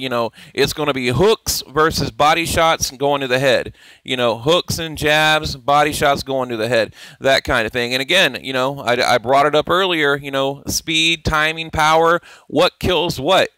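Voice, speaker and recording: A man rambles through boxing commentary in a bright, forceful voice, swearing freely and cutting himself off mid-thought. He sits close to the mic, and the sound is dry, with no room around it. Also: on the high side, no echo. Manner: rambling, profane, opinionated, self-interrupting. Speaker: boxing channel host. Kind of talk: casual commentary over on-screen clips.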